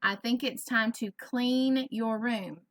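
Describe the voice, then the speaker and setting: Southern US woman, early-grades teacher, slow and deliberate, sounds words out for kids. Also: on the high side, fairly even intonation. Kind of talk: virtual classroom lesson.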